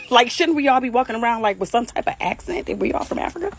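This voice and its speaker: A woman's voice: a little high, expressive, fast talker, husky, poor audio. A woman from Detroit with a Detroit accent, speaking in a blunt, mocking casual monologue and laughing often.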